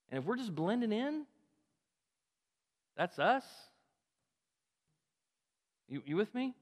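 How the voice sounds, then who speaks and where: Male pastor mid-sermon, fervent, swinging between loud peaks and hushed asides, long church reverb. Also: very high-pitched, big pitch swings, moderate pace, long pauses. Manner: impassioned, rising to emphatic peaks and dropping to quiet asides. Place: church sanctuary.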